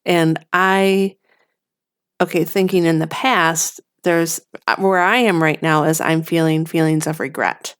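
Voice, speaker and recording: A middle-aged woman co-hosting a podcast in casual chat, hesitant, thinking aloud with many soft agreements. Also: low-pitched, fairly even intonation, unhurried, clean tone. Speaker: podcast co-host.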